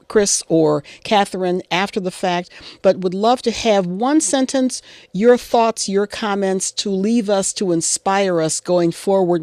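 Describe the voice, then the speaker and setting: A woman's voice: on the low side, darkish tone, no echo. A woman moderating a panel on a video call, chatty, asking questions and reading out audience comments.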